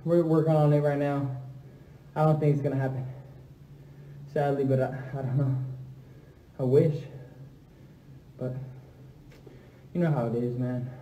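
A young man chatting casually on a phone livestream alone in an empty house, shifting between low, subdued talk and loud, hyped trash talk. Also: fairly even intonation, unhurried, long pauses, slight background noise. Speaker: livestream host answering fans. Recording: echoey room.

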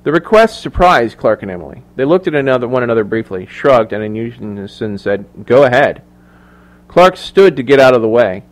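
Steady male audiobook narrator. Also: mid-range voice, fairly quick, hardly any pauses. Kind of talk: scripted narration.

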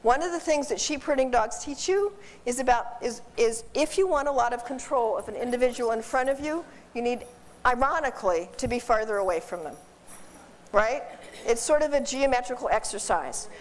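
A woman instructor teaching dog behavior to a live class in an animated, joking way, quizzing the class as she goes. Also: fairly high pitch, brisk, a little hiss or hum. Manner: animated, jokey, asks the class questions. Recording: roomy hall from a distance.

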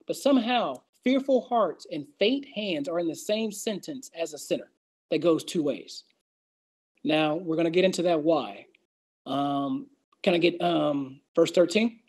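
A man's voice: a little high, a little slow, a little mellow, slightly rough. A man leading a Bible study, speaking casually, reading verses aloud and acting out doubting voices to make his point. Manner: conversational, reads scripture aloud and acts out doubters' voices. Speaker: Bible teacher.

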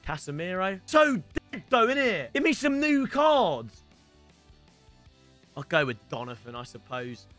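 A young man commentating excitedly on his own video game stream, shouting between calm stretches. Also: high-pitched, a little slow, pauses often, dry recording, faint music behind. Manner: excitable, shouts and swings between hype and frustration.

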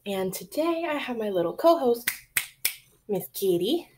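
A woman's voice: on the high side, very animated, unhurried, background noise. Chatty woman hosting a home podcast. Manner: chatty, rambling with many ums. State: a little out of breath. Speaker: podcast host. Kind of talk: casual chat.

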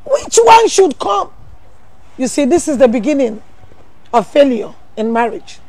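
A woman pastor, preaching a sermon full of rhetorical questions, teasing asides and sudden shouted emphasis. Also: high voice, sing-song, a little slow, no room sound.

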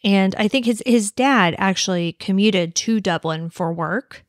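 A woman's voice: medium pitch, a little slow, no echo, clean studio sound. A woman hosting a true-crime podcast, talking casually with frequent apologies and laughs. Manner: chatty, apologetic, laughs often. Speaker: podcast host.

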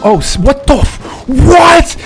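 A man giving loud, joking commentary over a shooter game, often breaking into shouts. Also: high voice, sing-song. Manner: loud, jokey, quick swings to shouting. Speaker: gaming YouTuber. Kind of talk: excitable gameplay commentary. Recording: game music and sound effects behind. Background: game music.

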